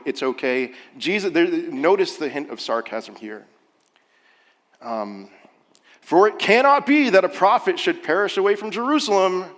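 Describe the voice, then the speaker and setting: A man's voice: medium pitch, a bit bright. A male pastor preaching a sermon, earnest and building to urgent emphasis. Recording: long hall reverb.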